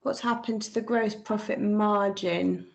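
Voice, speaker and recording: A woman's voice: mid-range voice, fairly even intonation, a little slow, creaky, poor audio. A woman talking students through an accounting exam paper, informal and thinking aloud as she goes. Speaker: accounting tutor. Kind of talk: screen-share exam walkthrough.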